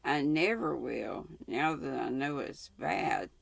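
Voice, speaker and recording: A woman's voice: very deep voice, lively intonation, gravelly, no room sound, full character voice. A woman voicing a guileless, remorseful little boy in a storybook reading. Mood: tearful pleading. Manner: slow, homespun storybook reading.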